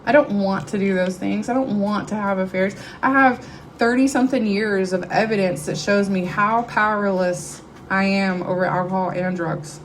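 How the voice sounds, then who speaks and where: Speaking at a moderate pace in a mid-range voice, a middle-aged woman gives an emotional, candid testimony to a live audience at a recovery meeting. She tells her story conversationally in a meeting room, and the poor audio carries a little hiss or hum.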